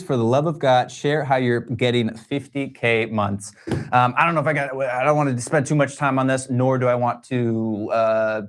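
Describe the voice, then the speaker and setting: Chatty man hosting a livestream. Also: mid-range voice. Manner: chatty, rambling, many fillers. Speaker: podcast studio owner hosting a livestream. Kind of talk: casual livestream Q&A.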